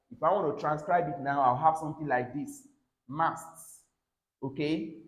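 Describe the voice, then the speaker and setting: Man teaching pronunciation in a roomy echo. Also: fairly high pitch. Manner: drills words aloud, tags lines with "all right?". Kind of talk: classroom phonics lesson.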